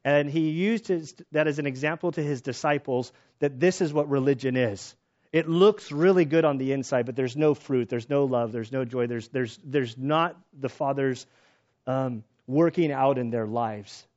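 A man preaching a sermon in a casual, conversational way, telling personal stories and getting animated when excited. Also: mid-range voice, moderate pace, dull audio. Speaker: pastor.

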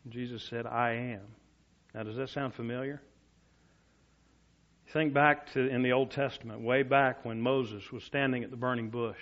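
A male preacher delivering a storytelling sermon, dropping to soft, low tones for quoted words. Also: fairly even intonation, moderate pace, long pauses, highs cut off.

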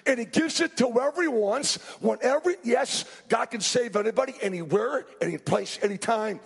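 A male pastor delivers a fervent sermon in a high, gravelly voice with a husky grain. He moves between hushed passages and shouted ones. His words ring out with a long, lingering reverb. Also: normal speed. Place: restaurant hosting a Sunday service. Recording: long reverb in a large room.

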